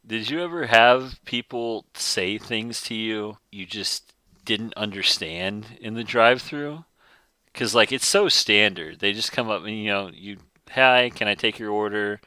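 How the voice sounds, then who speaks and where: A man in his thirties telling work stories in a casual podcast chat, rambling and getting animated when he retells what people said. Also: fairly low pitch, unhurried, no room sound, studio quality. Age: 30s. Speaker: podcast host.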